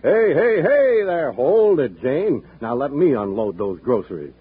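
An actor playing a cheerful ranch hand in a 1950s radio commercial, with a folksy, hearty delivery. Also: male voice, medium pitch, very animated, a little slow, faint music behind. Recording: tinny 1950s radio broadcast.

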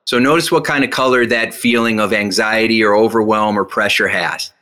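A man guest, a hypnotist and speaker, telling lively stories and acting out what people said to him. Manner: energetic, acts out quoted dialogue with big pitch jumps; slow, guided instruction when teaching the breathing exercise. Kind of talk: animated storytelling in an interview.

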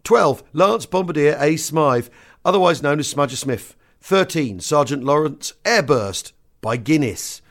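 A man hosting a podcast, reading a book extract aloud with lively swings in pitch and loudness. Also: a little slow.

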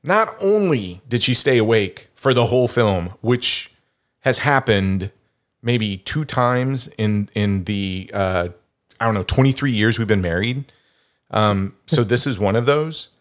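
A middle-aged man with a fairly low voice rambles through a relaxed podcast chat. He often trips over his words and restarts his sentences as he talks. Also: measured pace. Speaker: podcast host. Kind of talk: casual chat.

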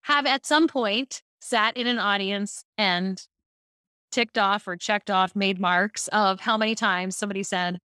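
A woman from Baltimore talks as a podcast guest, coaching on speaking and telling lively stories. Her voice is bright and forward, at a middle pitch. The recording is dry and close. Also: a little slow, smooth, no room sound. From Baltimore, USA. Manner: lively storyteller, animated asides. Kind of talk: casual podcast interview.

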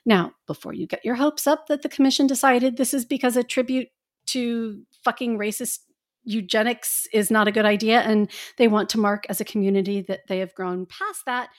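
A woman's voice: fairly high pitch, fairly even intonation, normal speed. A woman co-hosting a podcast, reading news in casual chat with sarcastic asides. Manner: sarcastic, swears freely. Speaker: podcast co-host.

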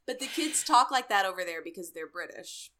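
A woman's voice: medium pitch, animated, sharp tone. A woman in casual chat, reacting with short, dry jokes. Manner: dry, quick one-line quips. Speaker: podcast co-host.

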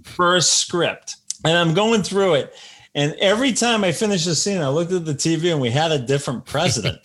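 A man's voice: fairly high pitch, normal speed, a bit bright. A man, an author, telling anecdotes in casual conversation and acting out the voices of the people he quotes. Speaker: author guest.

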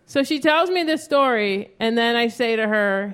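High-voiced woman doing stand-up. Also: moderate pace, clean tone. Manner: profane, animated storytelling with acted outbursts. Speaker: stand-up comedian. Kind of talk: stand-up comedy set. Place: comedy club stage before a live audience. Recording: live show with audience noise.

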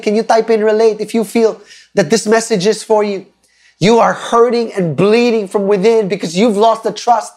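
A man's voice: high voice, darkish tone. A man in his thirties preaching an online sermon, earnest and emphatic, telling stories and asking listeners to type responses.

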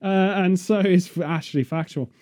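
Guy rambling and joking outside in a field, warm dark voice. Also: sits high, moderate pace. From England. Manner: rambling, tangents, jokey. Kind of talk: casual chat. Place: outdoors in a field.

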